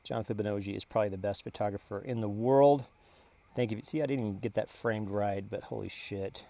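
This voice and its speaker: A man's voice: fairly low pitch, a little fast, creaky, warm tone, no room sound. Boastful rambling man showing his photos. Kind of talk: casual self-promoting vlog narration.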